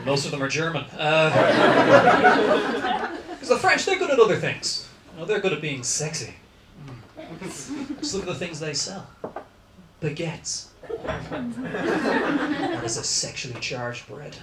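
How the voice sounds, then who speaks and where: A man's voice: fairly high pitch, big pitch swings, normal speed, long pauses. A young man with a posh South Dublin accent doing dry, self-mocking stand-up and crowd work in a comedy club. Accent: South Dublin Irish. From South County Dublin, Ireland. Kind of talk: stand-up set. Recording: echoey club from far off, noisy. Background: audience laughter.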